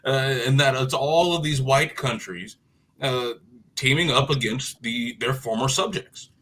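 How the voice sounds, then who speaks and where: A man's voice: medium pitch, unhurried, a bit bright, low-quality recording. A man appearing as a guest on a radio talk show, making an earnest political argument. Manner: earnest, argumentative, with frequent fillers and restarts. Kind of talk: political commentary in conversation.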